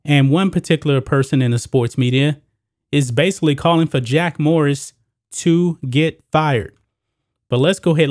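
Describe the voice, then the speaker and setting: A man's voice: medium pitch, a little mellow, dry recording, studio quality. A man hosting a solo sports commentary show, talking casually to his viewers as guys and folks.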